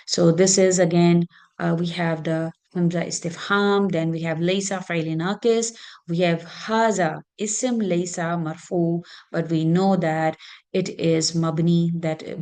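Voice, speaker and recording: A woman teaching an Arabic grammar lesson, explaining slowly and patiently with many fillers. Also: fairly low pitch, a little mellow.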